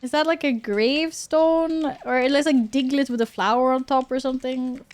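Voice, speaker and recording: A young woman with a high voice talks her way through a live game stream. She reacts on the spot, cursing and yelling at the game when things go wrong. Her commentary is loose, chatty and addressed to her viewers. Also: fairly even intonation, normal speed. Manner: reactive, swears and exclaims often.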